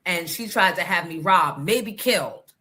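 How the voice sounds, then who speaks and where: Lively, bright-voiced woman radio host. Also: fairly low pitch, a little slow. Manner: animated, profane and blunt. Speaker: radio morning show host. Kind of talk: casual storytelling chat.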